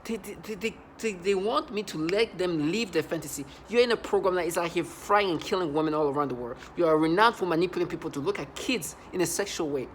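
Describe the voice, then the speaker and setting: A man's voice: sits high, fast talker, hardly any pauses, a little hiss or hum. A man vlogging an angry monologue, agitated and repetitive, often stumbling and restarting his sentences.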